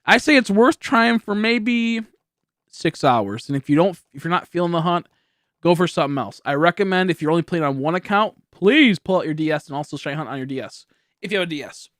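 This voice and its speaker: A man in his late twenties livestreaming from home into a studio mic, chatting loosely and laughing, a little high and slow on the draw. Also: expressive, a bit bright, no room sound. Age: late 20s. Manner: rambling, laughing, loose and slowed. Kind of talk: casual livestream chat reading donations. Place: home streaming setup. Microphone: high-end studio microphone.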